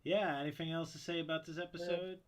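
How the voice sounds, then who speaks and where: A man hosting a casual podcast chat, teasing his co-hosts with quick quips. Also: a little high, level tone. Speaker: podcast host.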